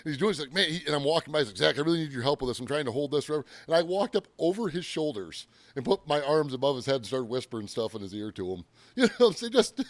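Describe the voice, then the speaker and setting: A man's voice: on the high side, sing-song, racing, no room sound. A man co-hosting a podcast, telling rambling shop stories in casual chat and laughing often. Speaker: podcast co-host.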